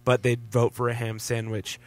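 A man's voice: medium pitch, monotone, moderate pace. A man co-hosting a podcast, chatting about politics in a laid-back, hesitant way with many fillers. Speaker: podcast co-host. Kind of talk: casual political chat.

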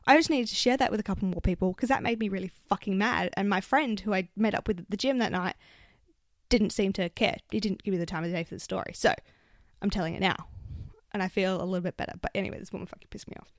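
A young woman with an Australian accent telling stories on her solo podcast, swearing freely and getting animated as she vents. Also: mid-range voice, fast, dry recording, studio quality. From South Australia. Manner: swears often, animated when venting. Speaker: podcast host. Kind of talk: casual solo podcast storytelling.

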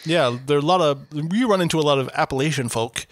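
Sarcastic guy cohosting, kinda high voice, dry close mic. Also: fast talker, no room sound. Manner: sarcastic, joking, swears casually. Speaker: podcast co-host. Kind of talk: casual chat.

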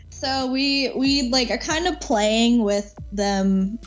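A woman telling a story at a relaxed, unhurried pace in a casual interview. Her voice sits a little high, and she laughs often between lines. She swears casually as she goes. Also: poor audio. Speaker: podcast guest.

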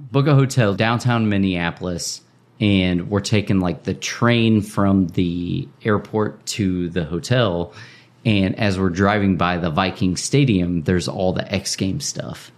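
A man from Indiana co-hosting a podcast, telling a long story in lively, casual bursts full of filler words and acted-out quotes. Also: low-pitched, unhurried. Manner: animated, acts out quoted speech, many filler likes. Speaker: podcast co-host.

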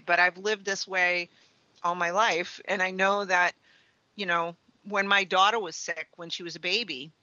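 A middle-aged woman, a trance medium, telling stories in a relaxed interview and often tagging her sentences with "right?" and "you know". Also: mid-range voice, no room sound, lo-fi sound. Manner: chatty, leans on "right?" and "you know" tags. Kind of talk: conversational interview storytelling.

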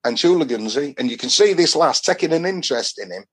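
Husky Yorkshire man telling tales. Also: on the high side, very animated, fast. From Doncaster, England. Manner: rambling anecdotes with dialect phrasing. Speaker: podcast guest. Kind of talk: casual storytelling chat.

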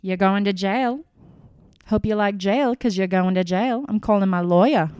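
A woman imitating a pompous, angry man who rants loudly and indignantly. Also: medium pitch, clean tone, no echo, studio quality, close to an everyday voice. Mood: indignant ranting. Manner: loud, rapid, indignant ranting.

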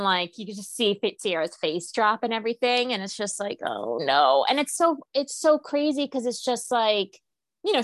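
A woman's voice: mid-range voice, no room sound. A woman co-hosting a casual podcast, chatting about reality TV, laughing often and acting out quotes. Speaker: podcast co-host. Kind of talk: casual reality TV recap chat.

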